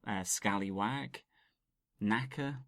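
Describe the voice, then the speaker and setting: A man's voice: on the low side, slow pace, fairly bright tone, no echo, clean studio sound. A man co-hosting a podcast, explaining scenes and slang in an enthusiastic, chatty way. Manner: enthusiastic and explanatory, describing scenes with some fillers. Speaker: podcast co-host. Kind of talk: casual podcast chat.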